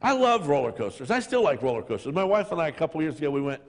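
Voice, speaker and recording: Animated preacher in a reverberant hall. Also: male voice, fairly high pitch, fast talker. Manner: jokey storytelling, acting out voices. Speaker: pastor. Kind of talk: sermon. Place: church sanctuary.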